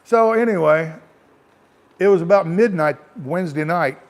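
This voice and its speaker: A man's voice: a little high, normal speed. A middle-aged American man, a truck driver, telling a rambling, frank story to camera in a casual way.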